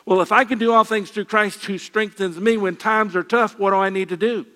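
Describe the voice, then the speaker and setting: Older male preacher, folksy and lightly humorous, slightly high voice, reverberant hall. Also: steady tone, brisk. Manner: folksy, with gentle humor and repeated phrases. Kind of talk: sermon.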